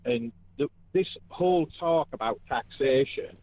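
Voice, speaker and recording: A man's voice: on the high side, expressive, measured pace, gravelly, no echo. Male caller on a tinny phone line. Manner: earnest, emphatic, building his case. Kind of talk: phone-in call.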